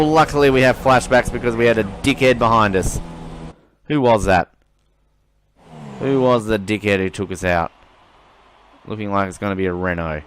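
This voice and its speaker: A young man giving casual, chatty commentary over his racing game career, swearing now and then and getting excited at the starts. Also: fairly low pitch, moderate pace, pauses often. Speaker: gaming channel host. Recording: game engine noise behind voice.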